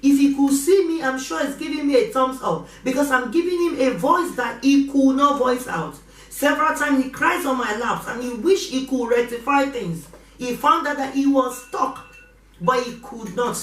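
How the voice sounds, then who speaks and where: A woman's voice: high voice, animated, moderate pace. Lady pastor preaching hard, repeats herself, echoey room, a bit far off. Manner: impassioned, repeats exhortations. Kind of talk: preaching sermon. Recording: roomy echo from a distance.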